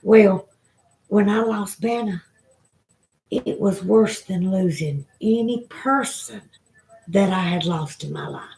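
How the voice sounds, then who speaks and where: A woman's voice: medium pitch, takes it slowly, vocal fry, pauses often, darkish tone, poor audio. A woman with a Southern US accent chatting with viewers on a live stream, emotional and rambling. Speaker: vlogger. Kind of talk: casual live-stream chat.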